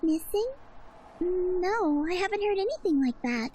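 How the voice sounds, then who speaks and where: A woman voicing an anxious young girl who pleads nervously in a high, thin voice. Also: expressive, unhurried, dark tone. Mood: puzzled.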